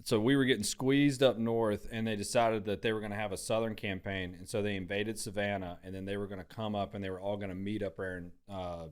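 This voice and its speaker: A man's voice: on the low side, steady tone, fairly quick, hardly any pauses, clean tone. A man talking as a podcast guest, enthusiastic and chatty as he tells long stories. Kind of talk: casual podcast chat.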